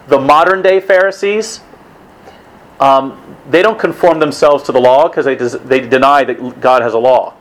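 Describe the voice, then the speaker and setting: A man's voice: medium pitch, normal speed, low-quality recording. A man giving a conversational religious talk to a weekly evening group, casual in tone, with restarts and asides.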